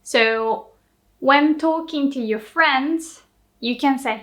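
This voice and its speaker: A young woman with a Japanese accent, teaching Japanese in a casual lesson, slowly repeating example phrases. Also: high voice, a bit bright.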